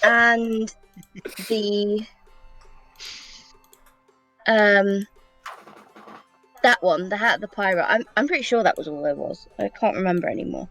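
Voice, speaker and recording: A woman's voice: medium pitch, unhurried, long pauses, faint music behind. Playful woman playing a tabletop game. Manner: animated, breaks into playful character bits. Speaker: player. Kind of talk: casual tabletop role-play chat.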